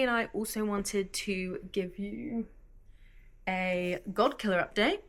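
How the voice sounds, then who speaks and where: A young British woman vlogging casually, bubbly and quick to laugh. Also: medium pitch. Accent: British English. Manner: bubbly and animated, laughs easily. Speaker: book vlogger. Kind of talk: casual vlog chat.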